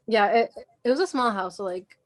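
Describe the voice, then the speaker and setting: A young woman co-hosting a podcast, chatting casually and telling an animated story full of "like" and acted-out quotes. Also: medium pitch, brisk. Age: young adult. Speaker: podcast co-host. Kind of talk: casual chat.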